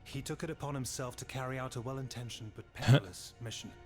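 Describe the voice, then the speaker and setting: A man's voice: mid-range voice, fairly even intonation, quick pace, faint music behind, lightly acted. A man voicing a grave, formal aristocratic general in a video game cutscene, speaking in a stately way.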